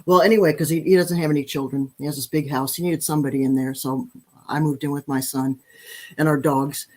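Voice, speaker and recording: A woman's voice: low voice, fairly quick. Lady in her 60s, podcast guest, chatty story-telling, pokes fun at herself, lots of restarts. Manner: animated, self-deprecating, many restarts. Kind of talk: storytelling in conversation.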